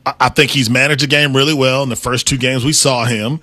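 A man's voice: mid-range voice, fairly even intonation, bright, forceful tone, dry recording. A man co-hosting a sports talk show, chatting casually and laughing at himself as he breaks down football games. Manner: conversational, self-deprecating, quick to laugh. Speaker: sports analyst co-host.

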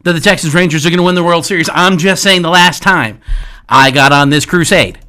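A man's voice: fairly high pitch, brisk, bright, forceful tone, clean tone. A man hosting a sports radio talk show, emphatic and playful as he rallies listeners. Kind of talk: casual sports radio banter.

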